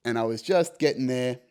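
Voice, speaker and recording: A man in his young adult years talks through a personal story on his podcast, loose and animated. He swears freely and leans on "you know" and "right?" as he goes. His voice sits at an ordinary middle pitch. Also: clean tone. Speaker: podcast host. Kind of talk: casual storytelling monologue.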